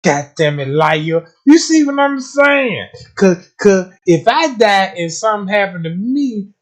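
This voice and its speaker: Slow-talking country-accented man, streaming. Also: high-pitched, very animated. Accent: Southern US, country. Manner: profane, repeats words while stumbling; keeps asking listeners if they follow. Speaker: livestream host. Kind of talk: casual livestream commentary.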